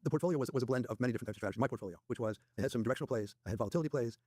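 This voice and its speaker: Man, interview guest, rapid anecdotes, quoted dialogue, husky voice, very fast. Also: mid-range voice, darkish tone, dry recording, clean studio sound. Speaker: guest trader. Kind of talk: interview storytelling.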